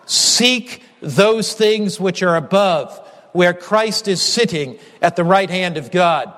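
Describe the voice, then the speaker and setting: High-voiced guy preaching a sermon, earnest and emphatic, lots of repeated lines, big echoey hall. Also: lively intonation, slow, a bit bright.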